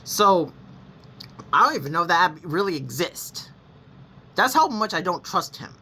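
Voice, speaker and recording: Young adult vlogger, rambling confessional storytelling, animated swinging pitch, bright tone, faint noise behind. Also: normal speed. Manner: rambling, with frequent restarts and self-corrections; blunt and confessional, with casual swearing. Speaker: gaming vlogger. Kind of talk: candid personal storytelling to camera.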